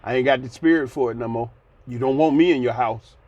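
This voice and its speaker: A man's voice: medium pitch, a little fast, a little mellow, no room sound, dull audio. A man in his sixties giving blunt, folksy commentary, ranting and sighing between points. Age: 60s. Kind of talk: casual commentary vlog.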